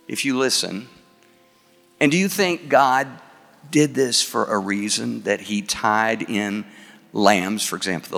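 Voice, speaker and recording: Male preacher, gravelly voice, slow delivery, questions the congregation, long hall reverb. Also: on the low side, a bit bright. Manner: asks the congregation questions, recites slowly. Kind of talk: sermon.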